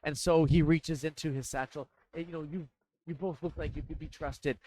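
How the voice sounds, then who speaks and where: Halting man running a tabletop game. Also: a little high, steady tone, dark tone, low-quality recording. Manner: halting, many fillers and restarts. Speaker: dungeon master.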